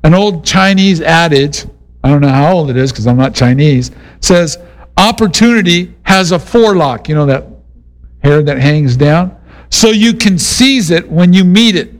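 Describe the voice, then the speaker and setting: A man's voice: fairly high pitch, expressive, normal speed, poor audio. A middle-aged man preaching a sermon in a casual, conversational way, mixing Bible teaching with a personal story. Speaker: pastor.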